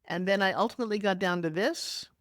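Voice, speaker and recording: A woman in her sixties, a podcast guest talking over a video call, telling her story in an energetic, emphatic way with big swoops in pitch. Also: fast talker, no echo, clean studio sound. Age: 60s. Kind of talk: animated interview storytelling. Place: home office, Florida.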